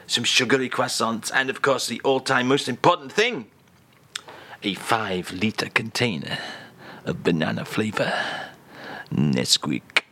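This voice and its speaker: A man's voice: medium pitch, pushed and bright. A man putting on a smug old Frenchman. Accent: put-on French. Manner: theatrical, self-satisfied, drawn-out phrases.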